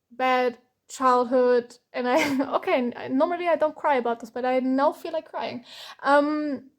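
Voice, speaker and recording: A young woman from Germany giving an emotional tarot reading, close to tears and hesitant, with many fillers and restarts. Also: high voice. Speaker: tarot reader.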